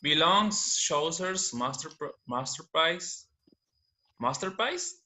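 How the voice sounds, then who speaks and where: A male student reading aloud in class, halting and stumbling over words. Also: fairly high pitch, expressive, sharp tone. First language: Spanish.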